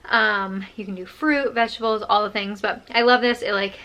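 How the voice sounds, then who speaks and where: A woman's voice: medium pitch, steady tone, normal speed, pushed and bright. A young adult woman chatting casually to camera as a vlogger, bubbly and full of fillers, a little out of breath.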